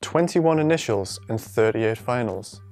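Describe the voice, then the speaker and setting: Very low-voiced woman asking questions. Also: expressive, unhurried, darkish tone, faint music behind. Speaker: student in lesson dialogue. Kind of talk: scripted lesson dialogue.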